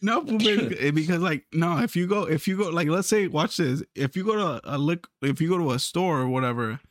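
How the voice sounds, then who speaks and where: A man's voice: on the high side, brisk, no room sound, clean studio sound. A man in casual podcast chat, slangy, laughing often and mimicking people in put-on voices. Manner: slangy, calls people fool.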